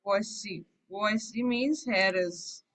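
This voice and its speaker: A woman's voice: mid-range voice, takes it slowly, fairly bright tone, poor audio. A woman teaching a French class, reading short phrases and then explaining each one in English. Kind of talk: online language class explanation.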